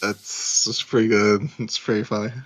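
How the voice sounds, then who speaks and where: A man's voice: fairly low pitch, level tone, moderate pace. A man hosting a podcast, playful in his greeting and hesitant in chat. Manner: playful, hesitant, many fillers. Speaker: podcast host. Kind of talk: casual chat.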